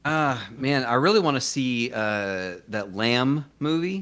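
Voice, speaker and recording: A man's voice: medium pitch, expressive, unhurried, a bit bright. A man chatting casually as a guest about filmmaking, easygoing and loose. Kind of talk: casual chat.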